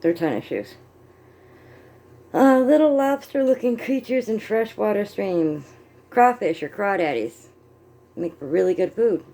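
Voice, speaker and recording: Chatty middle-aged woman with a mellow voice. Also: mid-range voice. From United States. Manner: chatty, rambling, self-amused; crocheting while talking, glancing at notes. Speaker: vlogger. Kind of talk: casual chat.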